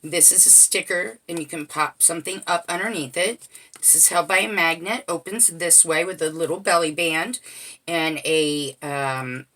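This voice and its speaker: A woman with a bright, clear tone and a slightly low voice gives a casual show-and-tell of her craft album. She talks in a chatty way, naming each detail as she turns the pages. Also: normal speed. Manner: chatty, walking through each page item by item. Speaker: crafter showing a handmade album.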